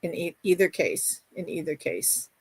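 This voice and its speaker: A woman's voice: lowish voice, steady tone, moderate pace, darkish tone, slightly rough. Chatty, gushing middle-aged woman. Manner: chatty, reads viewer comments aloud; affectionate and gushing. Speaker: livestream host. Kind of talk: casual livestream chat.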